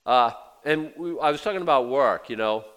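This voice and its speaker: A man's voice: mid-range voice, normal speed, fairly bright tone, smooth. An older man in his sixties preaching a sermon in a conversational way, acting out quotes in little voices. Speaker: pastor.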